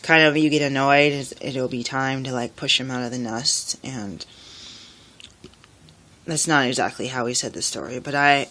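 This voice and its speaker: A woman's voice: rumbling low, normal speed, fairly bright tone. A tired single mother rambling through a personal vlog, full of fillers and restarts, sounding exhausted. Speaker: single parent vlogger.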